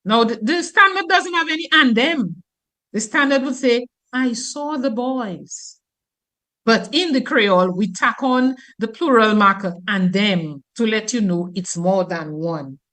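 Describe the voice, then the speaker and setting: A woman teacher from Dominica, explaining grammar on the radio in an animated, teacherly way. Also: a little high, normal speed.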